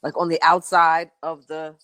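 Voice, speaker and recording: A woman's voice: low-pitched, normal speed, no echo. A woman guest telling a funny story with lots of energy, laughing and acting out voices as she goes. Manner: lively, acts out voices and laughs while telling. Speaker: guest singer. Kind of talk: animated storytelling.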